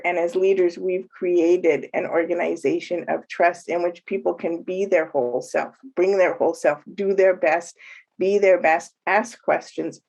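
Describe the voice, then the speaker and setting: A woman presenting a webinar in a measured way, listing her points one by one. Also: on the low side, darkish tone. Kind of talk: webinar talk.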